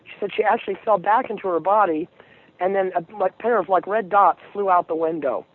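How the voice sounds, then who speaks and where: A woman calling in to a radio show, telling her story earnestly with frequent fillers and pauses. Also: mid-range voice. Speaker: caller. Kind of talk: call-in storytelling. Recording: phone line with faint hiss.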